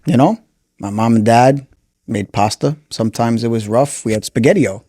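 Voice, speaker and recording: A man's voice: mid-range voice, moderate pace, mellow, no echo. New man, podcast co-host, joking, rambling, dry sound. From the Bronx, New York. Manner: jokey, rambling. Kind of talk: casual chat.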